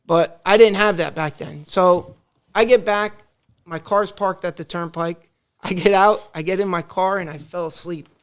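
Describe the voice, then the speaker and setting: High-voiced storytelling man. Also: normal speed, smooth. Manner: animated, acts out family dialogue. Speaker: podcast guest. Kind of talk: casual storytelling.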